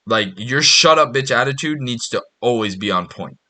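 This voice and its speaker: A male podcast host rambles through a casual monologue, blunt and profane. His voice is bright and forceful at an ordinary middle pitch, and he restarts his sentences often. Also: animated, normal speed.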